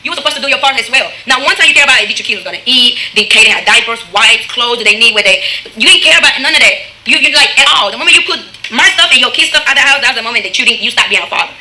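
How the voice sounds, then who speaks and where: A woman tells her own story fast and intensely, with a high, piercing, very bright voice. She talks straight at her listeners, and faint ambience sits behind her. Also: animated, a little hiss or hum. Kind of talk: emotional personal storytelling.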